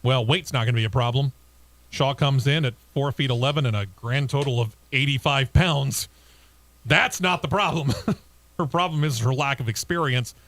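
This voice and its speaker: Dry-voiced racing talk show host. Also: male voice, mid-range voice, moderate pace, fairly bright tone, no echo. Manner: reads news items then chats and laughs with co-hosts. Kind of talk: radio talk show news segment.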